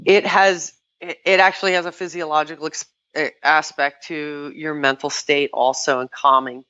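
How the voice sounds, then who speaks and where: An older woman, a podcast guest, chatting casually and telling lively stories, often quoting herself and laughing. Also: sits low, moderate pace, clean tone, highs cut off. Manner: animated storytelling, quotes herself, laughs often. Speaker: podcast guest, kettlebell sport athlete. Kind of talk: casual interview chat.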